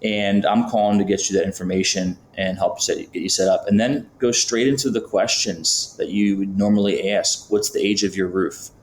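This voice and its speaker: A man's voice: lowish voice, steady tone, moderate pace, few pauses, slight background noise. A man from Florida, a podcast guest talking casually with lots of fillers and acting out sample phone calls. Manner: chatty, many fillers, acts out phone calls. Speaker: podcast guest, business founder. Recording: roomy, faint background ambience.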